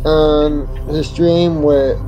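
A man's voice: on the high side, level tone, drawn-out words, dark tone, muffled recording, soft background music. Mumbling man chatting offhand. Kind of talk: casual commentary.

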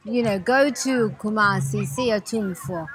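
A woman's voice: mid-range voice, unhurried, a bit bright. A woman with a British accent, chatting as a guest in a casual conversation, effusive and enthusiastic.

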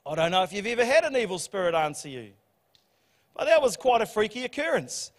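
A man preaching a sermon, telling the story in a humorous, animated way. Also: sits high, a little fast. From New Zealand. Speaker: pastor. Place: church hall. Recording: church hall reverb.

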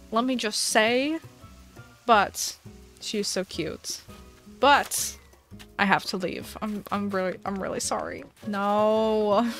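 A young woman streamer giving chatty, excitable commentary while playing a game, swinging between dramatic despair and delight. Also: a little high.

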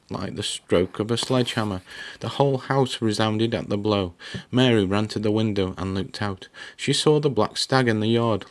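A man reading a novel aloud in a steady, measured storytelling manner. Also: on the low side. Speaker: audiobook reader.

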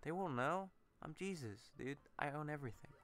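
A man's voice: on the high side, animated, moderate pace, a bit bright, pitched above the performer's own voice. A man voicing a pushy, smug, crude male Jesus in a cheeky, laid-back bro tone during joking game commentary. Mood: coaxing. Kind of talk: joking let's-play commentary.

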